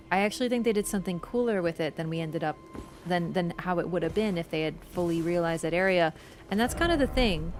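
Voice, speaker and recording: A woman streamer giving casual, chatty gameplay commentary, rambling through asides and fillers. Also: lowish voice. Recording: stream mic with game music behind. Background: game music.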